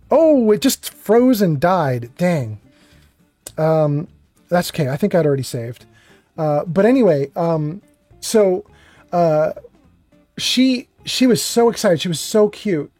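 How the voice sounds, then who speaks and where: Casual gaming streamer, mid pitch, rambling and self-mocking, music low in the mix. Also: dark tone, no room sound. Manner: rambling, self-deprecating, many fillers. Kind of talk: gameplay commentary and storytelling.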